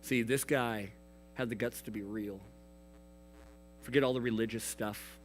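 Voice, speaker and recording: Earnest youth pastor preaching over soft guitar. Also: male voice, medium pitch, steady tone, unhurried, rough recording. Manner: earnest, swings between hushed and emphatic. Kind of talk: youth sermon.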